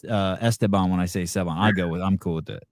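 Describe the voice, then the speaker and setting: A man's voice: low-pitched, fairly even intonation, fast, no echo. A man hosting a podcast, chatting casually with a guest, swearing now and then. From California. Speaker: podcast host.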